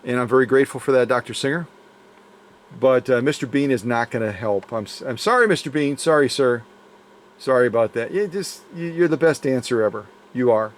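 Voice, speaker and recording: A man's voice: mid-range voice, expressive, fairly quick. Playful man rambling in his workshop. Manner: playful, rambling, jokey asides. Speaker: sewing machine restorer and channel host. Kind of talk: casual unboxing chat to camera. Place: home workshop.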